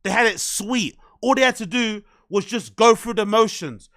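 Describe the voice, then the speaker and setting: A man hosting a live reaction stream, excitable and swearing often as he laughs along. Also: high voice, normal speed, no room sound, studio quality. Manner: excitable, swears heavily, laughs at own remarks. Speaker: streamer host.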